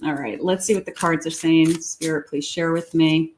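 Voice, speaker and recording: A woman reading tarot cards aloud in a chatty, reassuring way, thinking out loud as she goes. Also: low-pitched, steady tone, normal speed, a little hiss or hum. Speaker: psychic tarot reader.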